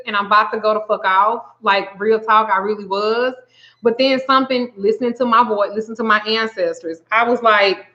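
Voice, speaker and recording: A woman spiritual reader telling a story in a casual livestream, acting out both sides of a phone call. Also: fairly high pitch. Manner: chatty, animated retelling, acts out both sides of a call. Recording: slightly dull lo-fi audio.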